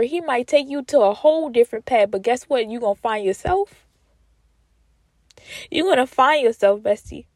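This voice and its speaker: A woman with a fairly high voice speaks tender Christian affirmations to the listener, slowly repeating each line and at times sinking to a whisper. She sounds emotional and close to tears. The recording is dry and close. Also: darkish tone, no room sound. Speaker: Christian encourager speaking to viewers. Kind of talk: emotional faith talk with affirmations.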